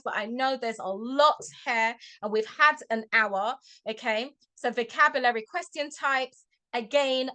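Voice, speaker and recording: A woman's voice: a little high, bright, forceful tone. A woman tutor giving a chatty webinar talk to parents over a video call, often checking in with "okay?".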